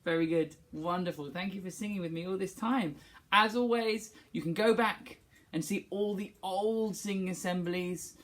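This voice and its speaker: In a lowish voice at normal speed, a woman teaching music leads young children through a singing assembly. She shouts out warm-ups for the kids to copy, sounding upbeat and encouraging.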